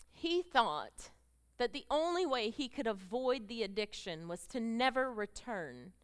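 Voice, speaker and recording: A middle-aged woman speaks on stage, giving a heartfelt personal testimony to a women's gathering. Her voice is bright and crisp, and she brings the story to life with emotional delivery and acted-out dialogue. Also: mid-range voice. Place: stage presentation with slides.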